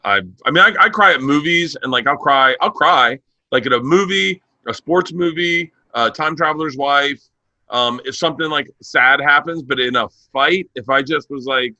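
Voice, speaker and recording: A man's voice: on the high side, moderate pace, pushed and bright, dry recording. Blunt man on a dull dry mic. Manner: blunt, swearing, joking. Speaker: podcast guest. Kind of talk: casual comedic chat.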